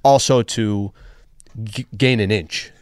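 A man's voice: lowish voice, takes it slowly, no room sound, studio quality. A man hosting a casual sports radio show, posing hypotheticals and joking about himself. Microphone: studio microphone with headphones.

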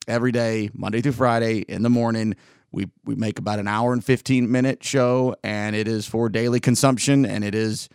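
A man hosting a solo podcast, talking in a rambling, candid way with frequent restarts, his voice slightly worn from weeks of yelling. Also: lowish voice, steady tone, moderate pace, clear, resonant tone, dry recording, studio quality. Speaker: podcast host. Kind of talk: solo casual podcast monologue.

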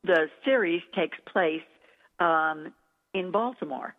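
In a lowish voice and at a slow pace, a woman dialect coach shares stories during an interview with effusive enthusiasm. The recording sounds echoey and tinny, like a phone line.

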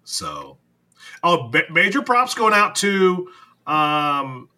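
A man's voice: a little high, huge pitch swings, takes it slowly, bright, forceful tone. A man co-hosting a podcast in casual chat, rambling, teasing and laughing often. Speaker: podcast co-host.

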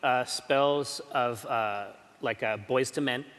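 Guy at the game table, sharp bright voice, cracking jokes, echoey. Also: mid-range voice, takes it slowly. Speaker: player. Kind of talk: casual chat at a game table.

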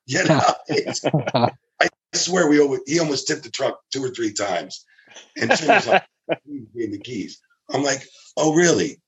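A man casually telling a backstage story, animated and acting out the people he quotes. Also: moderate pace. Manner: animated, acts out quotes with big pitch jumps. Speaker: former ring crew member telling stories.

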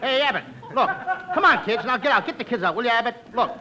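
A man playing a bumbling, excitable wisecracking comic in a 1940s radio comedy, on a hissy old recording. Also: extremely high pitch, fast talker.

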